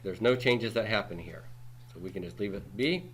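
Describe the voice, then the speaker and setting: Male Greek teacher in his forties, slightly low, bright voice, patient classroom lecture, faint room noise. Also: moderate pace. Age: 40s. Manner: patient, checks in with "okay?" and "right?" constantly.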